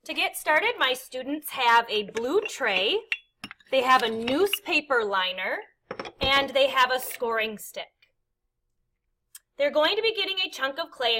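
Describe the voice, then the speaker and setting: A woman's voice: high-pitched, bright, forceful tone. A woman art teacher demonstrating a kindergarten clay lesson, explaining each step patiently and counting aloud. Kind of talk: instructional demonstration.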